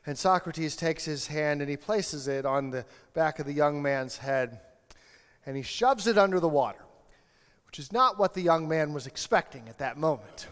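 A man's voice: on the high side, animated, moderate pace. A male pastor preaching a sermon, telling a story and building to impassioned appeals. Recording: long hall reverb, faint music.

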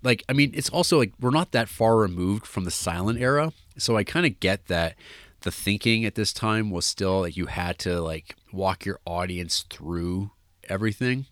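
Man, very low voice, dry close sound, rambling movie talk, lots of fillers. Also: lively intonation, moderate pace, no room sound. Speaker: podcast co-host. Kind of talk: casual film discussion.

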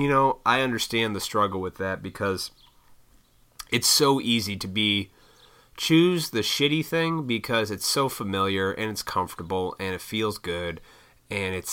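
Profane, bright-voiced man ranting. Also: on the low side, clean tone. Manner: profane, blunt, mocking impressions of others. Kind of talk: casual motivational rant.

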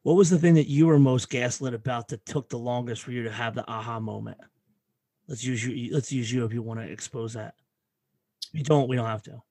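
Casting man, mid pitch, reflective host, stumbles and restarts, dry sound. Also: warm tone, no room sound. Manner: thoughtful, halting restarts, casual swearing. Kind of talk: casual chat.

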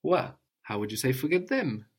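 Male tutor, calm and patient; drills the student with short prompts and tag questions. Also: mid-range voice, normal speed, slightly rough. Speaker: language teacher. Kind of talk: one-on-one language lesson.

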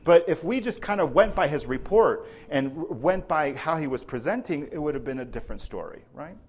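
Lively man lecturing clinicians. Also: a little high, brisk, slightly rough. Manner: animated, often checks in with the audience with "right?". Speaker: presenter at a clinical training. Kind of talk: live lecture to healthcare providers.

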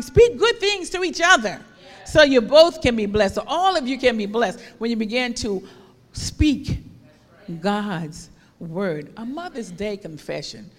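A woman preaching a passionate, emphatic sermon to a congregation, often repeating herself for emphasis. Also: mid-range voice. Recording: long hall reverb.

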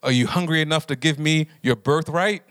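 A man's voice: on the high side, fairly quick, a bit bright, no room sound, natural voice. A man voicing a scheming younger brother in a retold Bible story, teasing and bargaining in close to his own voice. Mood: sly.

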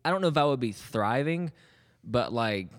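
A man in his thirties co-hosts a podcast with a medium-pitched, lively voice at normal speed, recorded with a big-room sound. His casual chat rambles, interrupting itself with frequent restarts and laughter.

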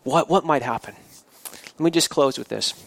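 A man's voice: fairly high pitch, moderate pace, gravelly, no room sound. A male pastor who grew up in the country, preaching in a church in a conversational way with restarts and asides. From rural area. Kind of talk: sermon.

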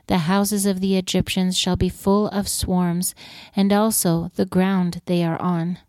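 A woman giving a measured, steady scripture reading. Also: fairly low pitch, no echo, clean studio sound. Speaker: scripture reader.

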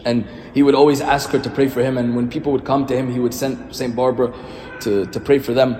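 A man's voice: medium pitch, level tone, fast, dark tone, a little hiss or hum. A man, a priest giving a sermon in a conversational storytelling way with rhetorical questions. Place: church. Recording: reverberant church hall, faint ambience.

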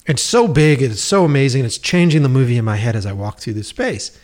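A man's voice: medium pitch, quick pace. A man telling filmmaking stories in casual chat, swearing freely and acting out the dialogue he quotes. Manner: profane, animated storyteller acting out quoted dialogue. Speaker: filmmaker guest.

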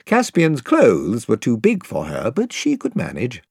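Expressive older male narrator. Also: mid-range voice, measured pace, vocal fry, husky, dry recording, clean studio sound. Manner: expressive storytelling. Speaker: audiobook narrator. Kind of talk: scripted narration. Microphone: close studio mic.

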